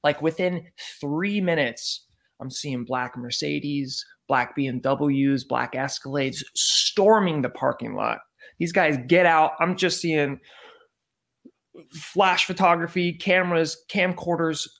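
A young man, a podcast guest, telling a story in an animated, profane way and acting out the quotes. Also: on the high side, slow pace, gravelly. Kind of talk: casual storytelling.

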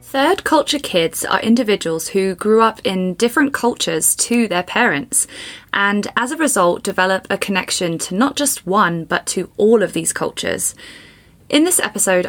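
A woman's voice: medium pitch, animated, normal speed, a bit bright. A woman hosting a podcast in an upbeat, friendly way. She reads a scripted intro, then moves into casual interview chat. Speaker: podcast host.

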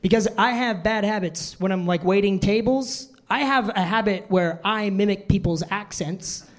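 A man's voice: sits high, moderate pace. A man in his twenties doing a self-deprecating stand-up routine on a club stage, telling awkward stories to a laughing audience. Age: 20s. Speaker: stand-up comedian.

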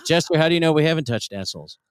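Podcast host guy, loud and swearing, voice bounces up and down, dry mic. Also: fairly high pitch, animated, racing, clean tone, no room sound. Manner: loud, laughing, swearing, mock-exasperated. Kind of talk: crude casual banter.

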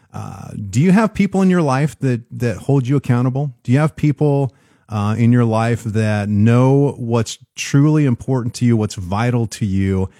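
A man's voice: fairly low pitch, mellow, no room sound, studio quality. A man hosting an interview, affirming his guest and asking follow-up questions conversationally. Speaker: podcast host.

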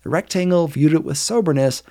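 Gravelly man reading a story aloud. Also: on the high side, no echo, studio quality. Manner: steady, measured storytelling, lifting the voice for quoted speech. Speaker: audiobook reader. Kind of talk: scripted narration.

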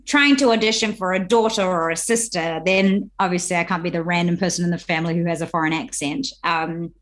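A woman's voice: lowish voice, fairly bright tone. A young actress with a New Zealand accent, chatting candidly as a guest from her home over a remote call. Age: young adult. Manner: bubbly, quick and candid. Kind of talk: casual interview chat.

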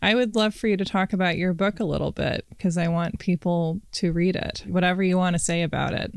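A woman's voice: fairly low pitch, brisk, vocal fry, clean tone, no room sound, studio quality. A woman co-hosting a podcast, chatting casually with a wry, playful humor. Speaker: podcast co-host. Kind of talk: casual chat.

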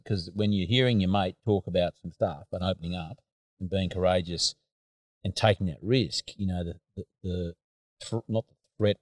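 A reflective Australian man hosts a casual interview, feeling his way through his thoughts with plenty of fillers. His voice is very deep, and the recording is close and dry. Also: darkish tone, dry recording. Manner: reflective, hesitant, many fillers. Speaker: podcast host.

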